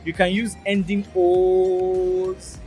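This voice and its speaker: A man with a high, slightly mellow voice and a Nigerian accent draws out his words with a completely flat delivery over soft background music. He hosts a casual pidgin lesson for his channel outside beside a busy road, upbeat and emphatic, patiently repeating phrases.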